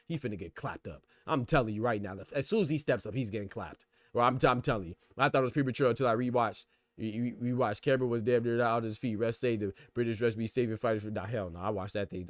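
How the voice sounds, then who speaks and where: Animated man chatting about boxing. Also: medium pitch, no echo. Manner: animated, repeats "bro" and "you know what I'm saying". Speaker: boxing podcast host. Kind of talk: casual chat reacting to live chat.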